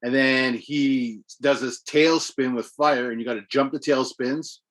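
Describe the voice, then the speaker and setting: A man's voice: medium pitch, fairly even intonation, measured pace, fairly bright tone. A man co-hosting a podcast, casually recounting game battles step by step and swearing freely. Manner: rambling play-by-play, profane. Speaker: podcast co-host. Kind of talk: casual gaming chat.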